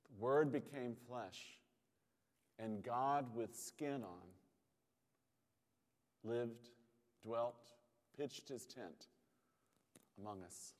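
A male pastor delivers a sermon at an unhurried pace. His measured phrasing leaves long dramatic pauses between thoughts. His voice carries a long reverb from a large church sanctuary. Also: medium pitch.

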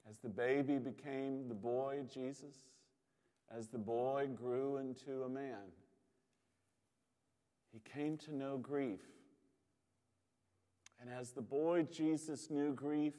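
Male pastor, mid-pitched, slow and measured sermon with dramatic pauses, reverberant sanctuary sound. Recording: long hall reverb.

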